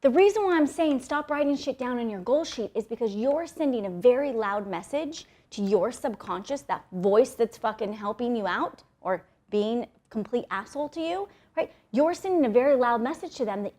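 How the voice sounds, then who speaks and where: A woman's voice: on the high side, animated, moderate pace, hardly any pauses, dark tone. A young woman giving a blunt, profane motivational talk, often ending points with "right?". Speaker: motivational speaker.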